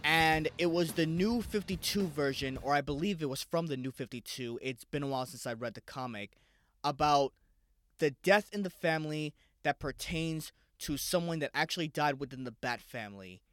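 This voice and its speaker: A man's voice: a little high, normal speed, a bit bright, no room sound. A man hosting a casual solo podcast, rambling loosely and swearing freely. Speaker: podcast host.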